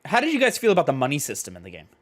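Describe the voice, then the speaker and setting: A man co-hosting a gaming podcast, chatting casually and retelling stories with animated, filler-heavy delivery. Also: a little high, racing. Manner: animated storytelling, lots of "like". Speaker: podcast co-host. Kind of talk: casual chat.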